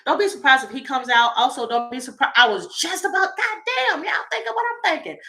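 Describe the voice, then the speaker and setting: Woman tarot reader, livestream host, bright edgy tone, blunt, salty, laughs a lot. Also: high voice, lively intonation, fairly quick, rough recording. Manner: blunt, profane and laughing, talking to viewers. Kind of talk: casual livestream chat.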